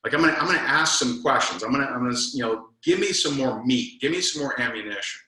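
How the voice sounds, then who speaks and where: A man runs a casual sales coaching talk in a bright, forceful voice. He tells stories animatedly and plays both himself and his prospects. The sound carries a roomy echo. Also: medium pitch, quick pace. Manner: animated storyteller, acts out both sides of conversations. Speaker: network marketing trainer.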